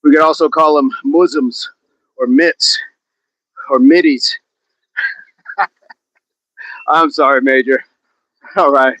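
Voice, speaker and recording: Slow-talking jokey man counting reps. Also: mid-range voice, fairly even intonation, fairly bright tone, no echo, highs cut off. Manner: jokey, laughs often, counts reps aloud. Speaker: fitness livestream host. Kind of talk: live workout stream, counting reps and reading chat. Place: outdoors.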